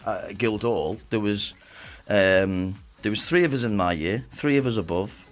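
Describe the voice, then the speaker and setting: A man's voice: lowish voice, a little slow, faint music behind. A man from North Wales hosting a radio show, chatting casually with a guest and laughing often. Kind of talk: casual radio interview chat. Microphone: studio microphone.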